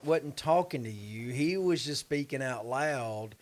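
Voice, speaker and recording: A man's voice: medium pitch, animated, a little slow. A man co-hosting a podcast in easygoing, teasing casual chat. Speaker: podcast co-host.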